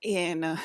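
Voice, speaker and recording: A woman's voice: medium pitch, no room sound, clean studio sound. A woman talking straight to her viewers in a loose, rambling monologue, swearing freely and laughing often. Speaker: vlogger.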